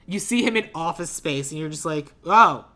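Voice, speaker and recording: A woman's voice: low-pitched, lively intonation, a little fast, a loud crowd. A woman co-hosting a casual podcast, rambling and playful, with lots of "like" fillers. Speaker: podcast co-host.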